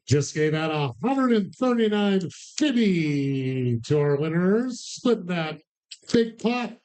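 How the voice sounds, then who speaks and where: A man's voice: sits high, big pitch swings, slow pace, a little mellow. A man hosting bingo night at a bar, calling numbers and joking with the crowd in a sarcastic, loose, profane way. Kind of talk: casual live hosting with banter. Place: bar, live event.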